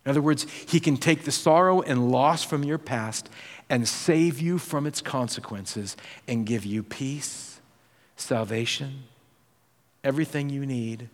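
A man preaching a sermon as pastor, acting out quoted voices and swinging between loud and hushed. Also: mid-range voice, measured pace, long reverb tail. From United States.

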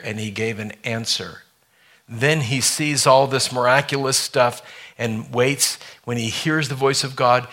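Male pastor, sermon, dynamic preaching, mid pitch, bright tone. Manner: dynamic preaching, reading scripture aloud with dramatic slowdowns.

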